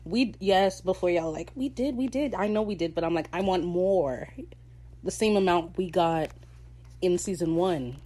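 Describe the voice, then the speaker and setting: Female podcast host, casual recap chat; animated, slangy delivery with a lowish voice. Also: a little slow. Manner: animated, slangy, bursts into laughter.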